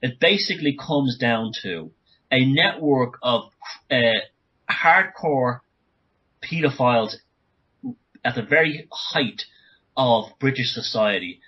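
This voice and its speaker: A man talking as a guest author on a podcast interview, speaking urgently in rapid bursts with many restarts. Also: mid-range voice, expressive, pushed and bright, husky, highs cut off.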